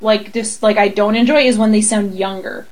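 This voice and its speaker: A woman with a Canadian accent, co-hosting a casual chat, giggly and animated, often slipping into mock voices. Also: medium pitch, moderate pace, poor audio. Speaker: podcast co-host.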